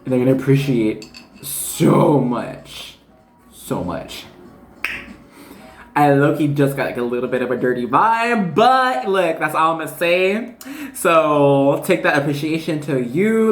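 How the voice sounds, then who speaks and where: A tarot card reader in a casual, chatty reading to camera, excitable and slangy, now and then quoting scripture. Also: mid-range voice. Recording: echoey room with faint music.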